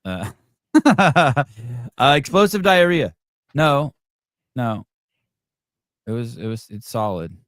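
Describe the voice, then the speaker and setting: A man's voice: medium pitch, big pitch swings, slow, pauses often, a bit bright, dry recording, clean studio sound. A man hosting a podcast in casual chat, rambling and profane, often restarting his sentences. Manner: many restarts and fillers. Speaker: podcast host.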